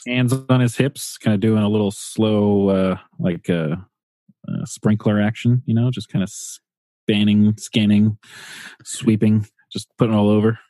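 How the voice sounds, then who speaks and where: A man's voice: lowish voice, fairly even intonation, unhurried, warm tone, dry recording. A man co-hosting a casual podcast, chatting in a dry, laid-back way with lots of fillers. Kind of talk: casual chat.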